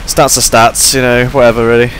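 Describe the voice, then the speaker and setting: With slight background noise behind him, a young man talks over his gameplay in a medium-pitched, slightly bright voice, fairly quick but flat in delivery. He sounds tired, yawning between points as he rambles chattily and pokes fun at himself.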